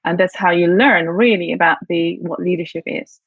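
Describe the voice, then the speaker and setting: A Polish-born woman with a British accent, speaking in a lowish voice as a guest on a video call from home. She sounds warm and reflective and often restarts her phrases mid-thought. The audio is dull and very dry. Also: fairly even intonation, moderate pace, slightly rough, dry recording. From Poland. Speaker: guest, CEO and leadership coach. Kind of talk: casual interview chat.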